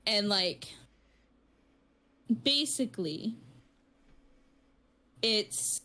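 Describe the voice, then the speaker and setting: A woman's voice: medium pitch, expressive, extremely slow, bright, forceful tone. A woman co-hosting a podcast, retelling a story in casual chat with lots of fillers and restarts. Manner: rambling storytelling with many fillers. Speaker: podcast co-host.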